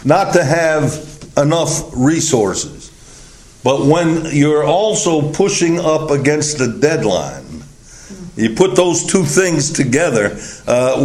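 Slow, conversational preacher in an echoey room. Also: male voice, on the high side, darkish tone, a little hiss or hum. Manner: conversational, acts out the disciples' reasoning. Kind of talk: sermon. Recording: echoey room, taped sermon.

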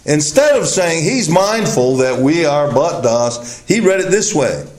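An older man preaching a sermon as a pastor, telling personal stories slowly and deliberately with chuckles, recorded on old tape. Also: a little high, big pitch swings, darkish tone. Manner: slow, deliberate, storytelling with chuckles. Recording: echoey hall, faint noise, old tape.

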